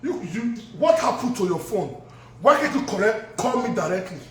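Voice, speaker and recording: A man's voice: high voice, very animated, moderate pace, a little hiss or hum. A man ranting heatedly in a Nigerian Pidgin accent, hurling insults. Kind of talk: angry social media rant. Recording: echoey room from far off.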